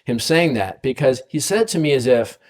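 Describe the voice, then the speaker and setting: Male podcast host, casual storytelling, loose and rambling, mid-pitched voice. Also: lively intonation, a little fast, a little mellow. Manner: rambling, many fillers and tag questions.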